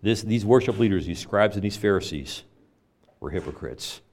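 An older man preaching a sermon in a conversational way, with loud stressed phrases and quiet asides. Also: fairly low pitch, expressive, normal speed, slight background noise. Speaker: pastor.

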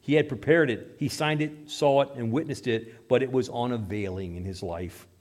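A male pastor delivering a sermon in a church. His delivery moves freely between quiet, almost whispered stretches and loud, emphatic bursts. His voice sits in a middle pitch for a man. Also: moderate pace. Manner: dynamic preaching, swings from hushed to loud.

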